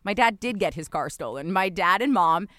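A woman in her thirties co-hosting a podcast in casual chat, animated and laughing often as she tells stories. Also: on the low side, moderate pace, no room sound. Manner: animated, laughs often, mimics voices in quotes. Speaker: podcast co-host.

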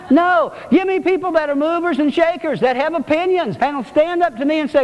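A man's voice: extremely high pitch, brisk, hardly any pauses. A male pastor preaching a sermon to his congregation, emphatic and repetitive. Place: church. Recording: reverberant church hall.

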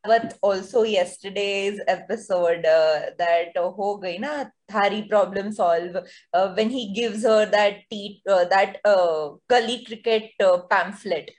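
A woman's voice: medium pitch, measured pace, hardly any pauses, darkish tone, rough recording. A woman co-hosting a casual chat, speaking hesitantly with many fillers. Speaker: co-host.

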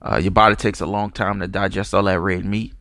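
New guy rambling on his podcast, lowish voice, cussing, lots of you know and restarts, dry close sound. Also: flat delivery, a little fast, a bit bright, no echo. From New Orleans. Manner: loose, profane, digressive, many restarts and fillers. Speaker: podcast host. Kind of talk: casual rambling monologue.

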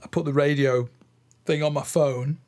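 A man's voice: fairly high pitch, fairly even intonation, normal speed, background noise. A middle-aged man, a drum teacher, chatting casually on his podcast, rambling and thinking aloud with fillers and restarts, sometimes counting out drum patterns. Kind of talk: casual solo podcast chat.

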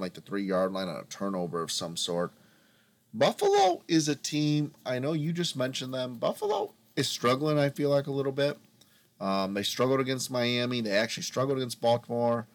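A man co-hosting a sports podcast, ranting theatrically and calling his listeners folks. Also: medium pitch. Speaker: podcast co-host. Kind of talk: casual sports talk.

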